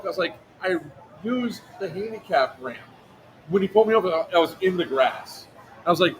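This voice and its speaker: A man rattles off a story at speed in a slightly high voice, casual and profane. He acts out the quoted lines with extra punch. Loud outdoor crowd ambience runs underneath the whole time. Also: animated, fairly quick, noisy background. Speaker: livestream co-host telling a story. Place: outdoor airsoft event.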